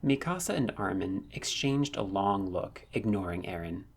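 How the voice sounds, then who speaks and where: A man narrating a fan fiction story with steady storytelling. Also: sits low, moderate pace, vocal fry, husky.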